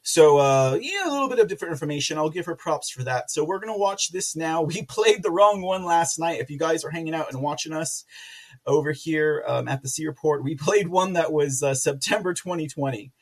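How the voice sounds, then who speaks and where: A man hosting a casual political commentary livestream, rambling with many fillers and restarts, with sarcastic asides and loud laughs. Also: a little high, fairly quick. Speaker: podcast host.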